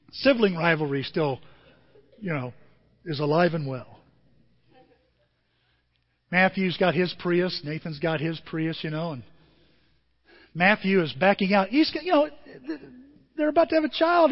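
An older man preaching a sermon as the pastor, telling stories and acting out what people said. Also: high voice. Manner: animated storytelling with acted-out quotes. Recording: dull audio in a long-reverb hall.

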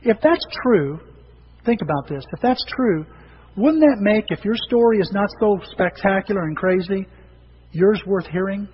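Male pastor, middle-aged, high-pitched, conversational sermon, church hall reverb. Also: expressive, moderate pace, breathy edge. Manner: conversational storytelling, acting out quoted people. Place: church sanctuary. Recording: dull reverberant hall recording with faint noise.

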